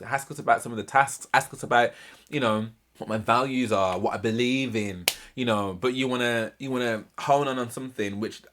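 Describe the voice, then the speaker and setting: A man hosting a reaction channel, commenting casually and emphatically. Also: mid-range voice. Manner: animated, emphatic, repeats himself for emphasis.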